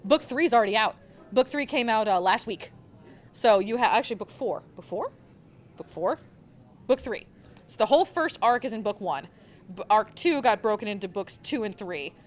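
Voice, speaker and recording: A woman's voice: mid-range voice, expressive, normal speed. A young woman recommending manga on a live convention panel, gushing and rambling with lots of fillers.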